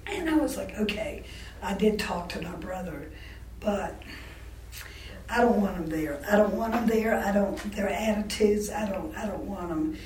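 A woman's voice: mid-range voice, expressive, a little mellow, slight background noise. Candid woman recalling past, roomy distant sound. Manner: candid, halting with frequent restarts; laughs wryly between remarks. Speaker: interviewee. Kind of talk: oral history storytelling.

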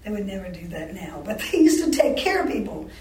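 A woman's voice: mid-range voice, very animated, a little mellow. Older woman telling her story in a roomy echo. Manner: halting, full of restarts and self-corrections. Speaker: interviewee recalling her life. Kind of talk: oral history storytelling. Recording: roomy sound from a distant mic.

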